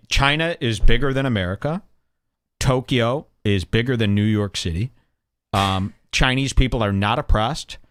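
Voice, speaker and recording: A man's voice: medium pitch, a bit bright, no echo, clean studio sound. A man hosting a comedy radio show, delivering a sarcastic, mock-serious rant meant to provoke.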